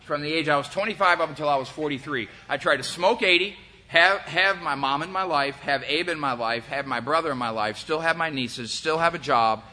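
Talking fairly quickly in a slightly high, pushed, bright voice, this recovery speaker in his forties opens up about his own story. It comes out unfiltered and meandering, laced with profanity and fillers.

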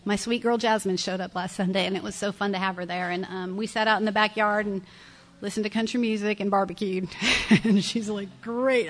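A woman's voice: mid-range voice, fairly even intonation, fairly quick. Candid middle-aged woman sharing her recovery story. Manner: candid, conversational, with soft laughs and repeated phrases. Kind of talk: personal testimony at a recovery meeting. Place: meeting room with an audience.

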